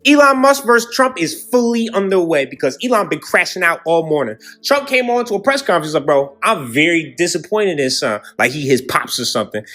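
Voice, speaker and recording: Animated slangy man with a high voice. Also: quick pace, few pauses, soft background music. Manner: animated, slangy, acts out quotes in mocking voices. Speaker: online commentator. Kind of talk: comedic political commentary.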